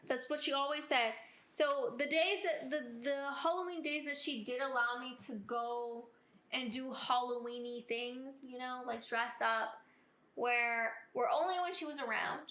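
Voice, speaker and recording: In an echoey room, a woman with a high-pitched, unhurried voice co-hosts a podcast. She chats casually and tells stories, animatedly performing what people said.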